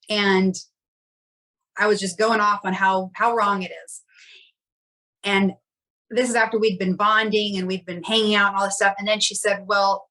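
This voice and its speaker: A woman's voice: mid-range voice, steady tone, normal speed, pushed and bright, rough recording. A woman, a podcast guest, telling a personal story in a candid, reflective way and often acting out quoted dialogue.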